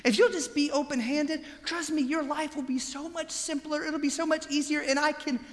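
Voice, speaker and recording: Preacher doing god talking soft and patient, coaxing, high bright voice, hall echo. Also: male voice, steady tone, normal speed. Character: God, a patient loving father pleading gently.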